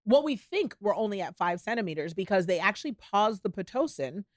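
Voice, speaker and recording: A woman in her forties, a podcast host, telling a personal story in casual chat with a calm, even voice. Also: mid-range voice, brisk, no room sound, clean studio sound. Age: 40s.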